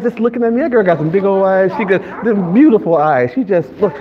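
A man's voice: sits high, lively intonation, fast, few pauses. A male preacher delivering a sermon to a live congregation, mixing playful joking asides with call-and-response. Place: church service with a live congregation. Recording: slightly dull recording, faint background noise.

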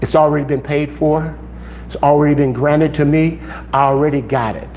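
A man with a high voice preaches in a relaxed, storytelling way, acting out the people he quotes. He keeps checking in with his listeners with "okay?". The recording is slightly dull, with a faint hum underneath. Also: normal speed. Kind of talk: informal preaching with stories. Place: church congregation.

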